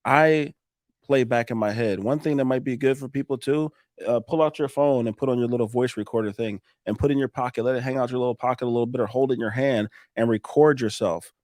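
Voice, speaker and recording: A man guesting on a podcast, talking in a lively coaching way with frequent restarts and laughs. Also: mid-range voice, fast talker, no echo, studio quality. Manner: animated, coaching tone, laughs often, restarts sentences. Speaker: podcast guest, roofing business owner. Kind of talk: casual podcast chat.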